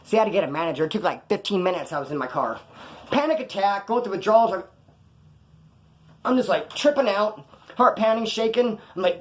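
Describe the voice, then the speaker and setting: A man's voice: high voice, brisk. A man vlogging in a casual, rambling storytelling style, swearing freely as he recounts his prison life. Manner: profane, rambling, animated storytelling.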